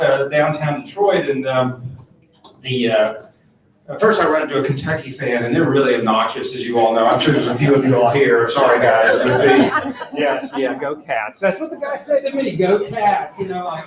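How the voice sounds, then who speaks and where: A man's voice: mid-range voice, fairly quick, a little hiss or hum. Rambling middle-aged man in an echoey hall. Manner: rambling, folksy, many fillers and restarts. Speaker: conference speaker. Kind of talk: humorous personal anecdote. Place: large conference room. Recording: echoey hall, distant mic, dull sound.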